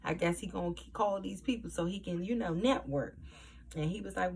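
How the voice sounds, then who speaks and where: A woman's voice: lowish voice, normal speed, gravelly. A woman recapping a TV episode in casual chat, acting out the characters' lines as she goes. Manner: animated, acts out quoted lines in a raised voice. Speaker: TV episode reviewer.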